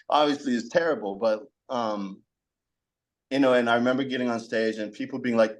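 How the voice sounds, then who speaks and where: A young man with a mid-range voice speaks briskly as a podcast guest. He tells stories frankly in a rambling, conversational way, full of fillers.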